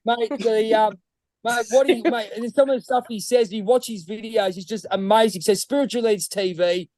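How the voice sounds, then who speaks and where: A man's voice: high-pitched, moderate pace, darkish tone. An Australian man co-hosting a casual podcast, rambling and tossing "mate" into nearly every line, swearing freely. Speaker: podcast co-host.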